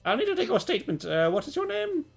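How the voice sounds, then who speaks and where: A man voicing a fussy, pompous male officer, using a high prissy voice. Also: wildly swooping pitch, fast, vocal fry, faint music behind, heavily acted.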